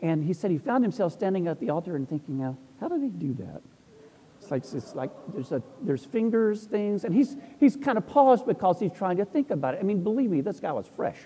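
A man's voice: sits high, very animated, a little fast, few pauses, mellow. A middle-aged man, an Orthodox priest, telling rambling, humorous stories in a casual talk. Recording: long hall reverb.

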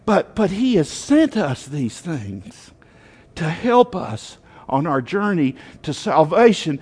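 A man preaching a sermon to his congregation, telling a story with emphatic, animated rises in his voice. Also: on the high side, takes it slowly, breathy edge, in a large hall.

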